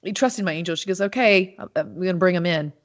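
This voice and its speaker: Lower-pitched woman, dull lo-fi sound. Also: fast. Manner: animated storytelling with many restarts and fillers. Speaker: podcast guest, animal communicator. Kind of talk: casual interview talk.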